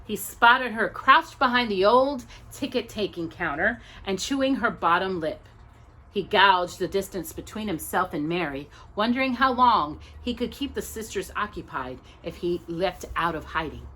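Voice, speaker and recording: A woman reading a storybook aloud as the storyteller, expressive and animated. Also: medium pitch, moderate pace, husky.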